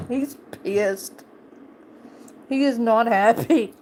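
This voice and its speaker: A woman's voice: on the high side, warm tone, slight background noise. A woman streamer chatting casually and playfully teasing her pet on a live stream.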